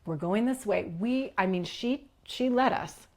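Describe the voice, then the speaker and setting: Woman telling a story, giggly and animated. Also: on the high side, a little slow. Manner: animated storytelling, giggly, acts out quotes, drops to whispers. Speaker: leadership coach, guest. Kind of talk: personal storytelling in a podcast interview.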